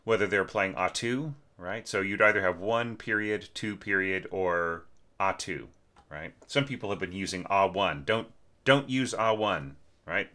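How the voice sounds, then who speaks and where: A man teaching orchestration, talking through a student's score in a casual, conversational way with lots of fillers, while congested and clearing his throat. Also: low voice, a little slow, pushed and bright. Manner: conversational, many fillers and tag questions. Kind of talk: casual spoken score critique.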